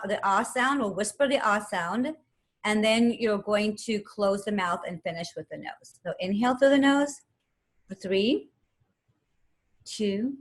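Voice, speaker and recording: A woman teaching yoga and meditation, calmly guiding a breathing exercise step by step and counting the breaths aloud. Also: mid-range voice. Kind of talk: guided breathing instruction.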